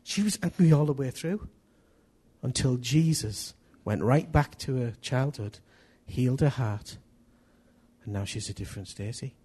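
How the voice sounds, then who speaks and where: A middle-aged man preaching a sermon, animated, acting out little dialogues as he tells stories. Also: mid-range voice, a little slow, slightly rough. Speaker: pastor.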